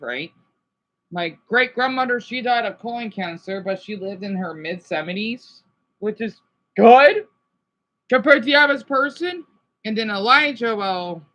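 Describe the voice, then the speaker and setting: A man on a casual livestream, talking to his chat in a halting, rambling, sympathetic way with many restarts. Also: high voice, pushed and bright, low-quality recording. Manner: sympathetic and emotional.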